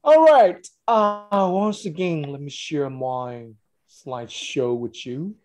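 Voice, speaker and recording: A man's voice: fairly high pitch, slow, darkish tone. A man leading an online teacher-training session over a video call. He keeps checking in with the group, saying "all right" and "okay" often. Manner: repetitive, encouraging, with frequent "all right" and "okay".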